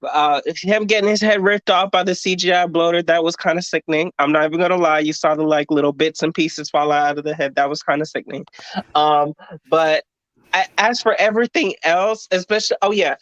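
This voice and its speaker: A man co-hosting a podcast, reviewing an episode in an animated, indignant rant. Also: a little high, fairly quick, no room sound. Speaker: podcast co-host. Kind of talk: casual review chat. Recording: dry, dull lo-fi sound.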